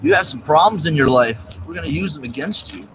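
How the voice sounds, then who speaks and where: A man in a rambling, profane monologue that jumps between topics, swinging from low muttering to loud outbursts. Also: lively intonation, brisk, background noise.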